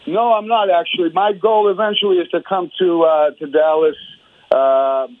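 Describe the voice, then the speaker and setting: Phone-in fan, male, high-ish voice, thin telephone sound, keen and emphatic. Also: fairly even intonation, normal speed. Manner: emphatic, repeats himself. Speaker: caller. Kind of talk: excited call-in chat. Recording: tinny phone line.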